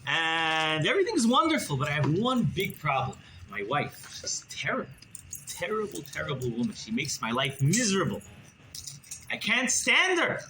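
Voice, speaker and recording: A man playing a stingy, suspicious wealthy man who talks in a gruff, dismissive way while telling a story. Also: fairly high pitch, wildly swooping pitch, normal speed, sharp tone, exaggerated voice. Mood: confiding. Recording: roomy hall with background noise.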